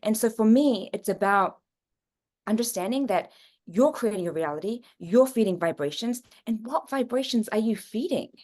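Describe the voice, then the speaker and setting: A woman guest in a conversational interview who explains psychic readings earnestly, with her pitch rising and falling as she talks. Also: animated, moderate pace, a little mellow.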